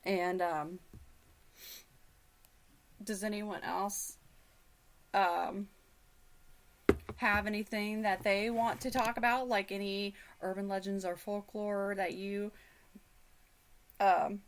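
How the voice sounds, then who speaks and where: A woman's voice: medium pitch, fairly even intonation, takes it slowly, pauses often. Woman, middle-aged, radio host, casual chat, rambling, lots of ums. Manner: rambling, many fillers and restarts. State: hiccups.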